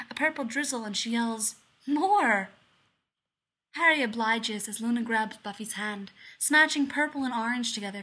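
A woman reading fan fiction aloud in a soft, measured storytelling voice. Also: on the high side. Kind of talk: scripted narration.

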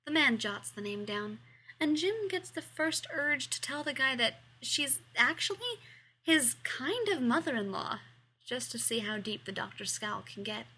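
A woman reading fan fiction aloud, expressive and sometimes dropping to a whisper. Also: high-pitched, measured pace, slightly rough, poor audio. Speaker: fiction reader.

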